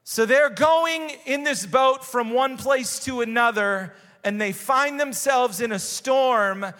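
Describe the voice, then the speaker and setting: A man preaching a sermon as a pastor, telling a story with animated dramatic exclamations. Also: extremely high pitch, takes it slowly. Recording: long hall reverb.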